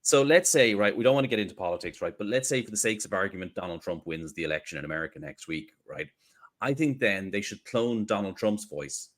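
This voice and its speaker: A man co-hosting a podcast in casual chat, animated and joking, who laughs often. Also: on the low side, quick pace. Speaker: podcast co-host.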